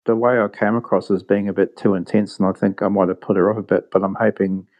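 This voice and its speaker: A podcast guest whose accent sounds a bit British talks fast in a lowish, level voice during casual chat, hesitating often with ums and restarts. The recording has its highs cut off.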